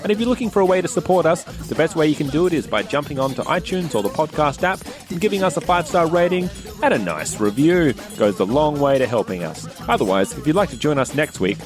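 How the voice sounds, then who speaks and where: A man's voice: a little high, lively intonation, quick pace, music in the background. A man co-hosting a casual comedy podcast, joking with friends and reading the outro. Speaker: podcast co-host. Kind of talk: casual chat and show outro.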